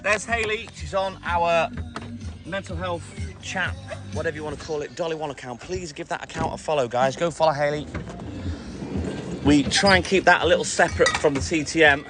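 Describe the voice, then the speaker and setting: A man's voice: a little high, fairly quick. Chatty middle-aged milkman streaming live. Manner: chatty, greets viewers by name, breaks into a sung jingle. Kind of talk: casual live-stream chat. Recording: music playing loudly behind.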